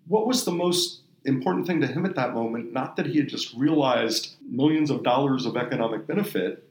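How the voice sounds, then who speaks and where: A man hosting a podcast, telling earnest, emotional stories in a relaxed conversational way. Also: medium pitch, roomy sound, poor audio. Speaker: podcast host. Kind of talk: conversational storytelling.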